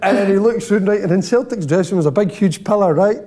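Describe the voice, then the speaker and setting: A man with a warm, slightly dark voice spins a dressing-room yarn. He talks in a lively way and keeps checking in with his listeners. His voice sits a touch above the usual pitch. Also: quick pace. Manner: lively, peppers lines with "right?". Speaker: former footballer. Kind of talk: storytelling anecdote.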